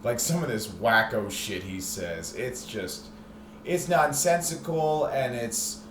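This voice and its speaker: A man's voice: medium pitch, lively intonation, slow pace. Man ranting profanely in an echoey room. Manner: profane, heated, sarcastic. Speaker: host. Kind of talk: ranting monologue. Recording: echoey room with faint noise.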